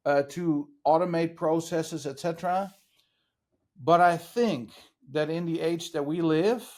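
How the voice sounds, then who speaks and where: Fairly high-voiced male podcast host. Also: darkish tone. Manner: conversational, quick follow-up questions. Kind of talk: podcast interview.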